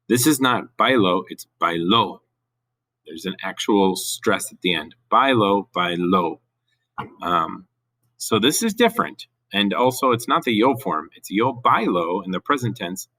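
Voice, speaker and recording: A man's voice: on the low side, sharp tone, dry recording. A man teaching a recorded Spanish grammar lesson, who explains patiently and switches between English and Spanish.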